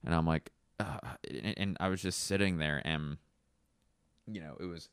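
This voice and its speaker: A stand-up comedian from Philadelphia telling a rambling, casual anecdote full of fillers and self-corrections. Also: male voice, low voice, moderate pace, smooth, no room sound, clean studio sound.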